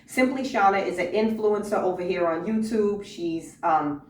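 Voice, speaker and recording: Her mid-range voice has a darkish tone and a moderate pace as she hosts a casual fashion haul on her channel. Standing in a room with a clothing rack, she chats eagerly to camera with occasional fillers and repeats, recorded with roomy echo, a distant mic, and faint hiss.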